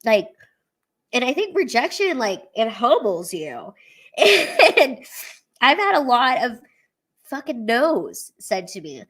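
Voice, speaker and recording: A woman's voice: fairly high pitch, very animated, takes it slowly, long pauses, fairly bright tone, husky. Woman in her thirties, comedian host, candid and teary, swears freely, livestream chat. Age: 30s.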